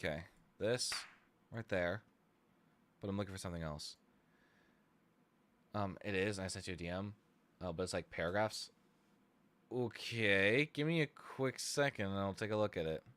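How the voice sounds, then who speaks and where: A man streaming himself making music, chatting casually as he works, thinking out loud with hesitant restarts and sudden excited bursts. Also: sits low, normal speed, long pauses. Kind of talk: casual live-stream chat while producing music.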